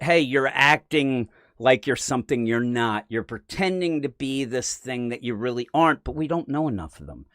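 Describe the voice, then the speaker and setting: A man co-hosting a comic book podcast, chatting casually, acting out characters in quick voices and swearing freely. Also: mid-range voice, fairly bright tone, no echo, studio quality. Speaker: podcast co-host. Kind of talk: casual comic review chat.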